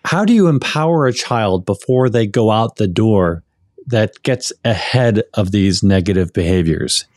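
A man's voice: on the low side, expressive, a little slow, a little mellow, no echo. Man hosting a podcast, dry sound. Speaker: podcast host. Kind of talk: podcast interview questions.

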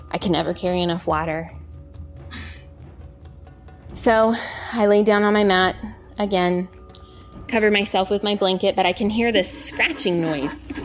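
A woman, a former aid worker, telling her own story in vivid first person and mostly in the present tense. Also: on the low side. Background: faint music.

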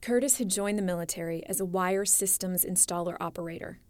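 A woman narrating a documentary story in a scripted, clear and measured way. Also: on the low side, a little mellow.

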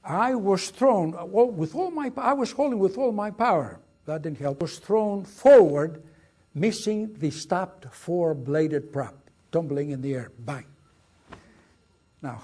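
An older man with a Greek accent giving a storytelling lecture about his wartime experiences, lively and dramatic. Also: a little high, breathy edge. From Greece. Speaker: guest speaker.

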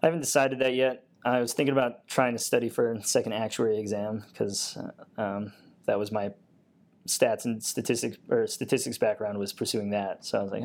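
Easygoing low-voiced man answering questions. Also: level tone, brisk, a little mellow. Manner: easygoing, hesitant with many fillers. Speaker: guest, Air Force technician. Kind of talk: casual interview answers.

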